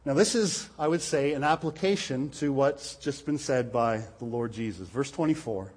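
A man's voice: mid-range voice, normal speed, darkish tone, slightly rough. A man preaching a sermon, earnest and explaining scripture, often repeating words as he stresses a point.

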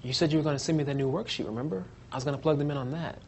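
A man's voice: a little high, racing, a little mellow, a little hiss or hum, close to an everyday voice. A man playing a hesitant, apologetic coworker. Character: apologetic male office coworker.

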